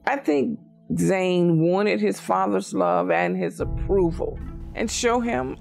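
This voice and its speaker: A woman giving a documentary interview, recalling someone she knew, over soft guitar music. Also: lowish voice, slow pace, vocal fry. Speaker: family acquaintance interviewed.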